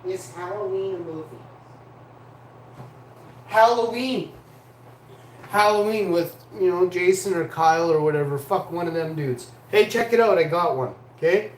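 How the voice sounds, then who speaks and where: A man's voice: high-pitched, normal speed. Rambling, swearing man in an echoey room. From Canada. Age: 40s. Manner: rambling, profane, storytelling. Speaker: livestream host. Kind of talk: rambling casual monologue.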